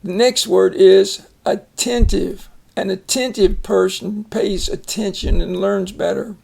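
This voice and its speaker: An older man teaching a phonics lesson, explaining each word slowly and patiently. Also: high voice, fairly even intonation, vocal fry, a little mellow, breathy edge. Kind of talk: casual reading lesson.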